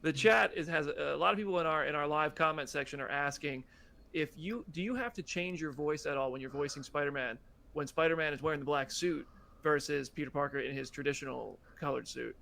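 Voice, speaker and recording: Rambling male interviewer, slightly high. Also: brisk, gravelly, bright, forceful tone. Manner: rambling, self-deprecating, restarts often. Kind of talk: casual interview questions.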